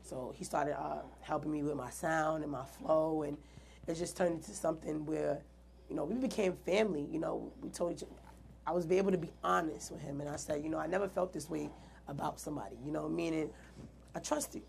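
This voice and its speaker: A woman's voice: low-pitched, fairly quick, vocal fry, a little mellow, a little hiss or hum. A woman earnestly telling her own story in an interview, acting out the quoted dialogue with animation. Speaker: guest artist.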